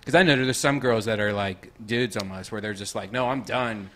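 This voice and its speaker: A man's voice: on the low side, pushed and bright. Wry man asking blunt questions. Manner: wry, asks blunt questions, quick banter. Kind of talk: casual chat.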